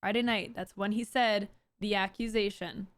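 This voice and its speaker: A woman's voice: medium pitch, steady tone, moderate pace, no echo. A woman streaming casual commentary, chatting straight to her viewers and stumbling and restarting words as she goes.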